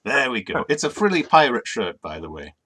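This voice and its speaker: A man co-hosts a casual live stream, his voice bright and forward. His pitch bounces around a lot as he jokes, and he often trails off into fillers. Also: sing-song, a little fast. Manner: playful, joking, trails off with fillers. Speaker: co-host.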